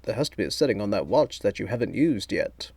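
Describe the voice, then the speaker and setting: A man voicing a calm, composed male senior spy in a storybook reading, speaking lower and more quietly. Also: fast talker, gravelly, husky, no echo, full character voice.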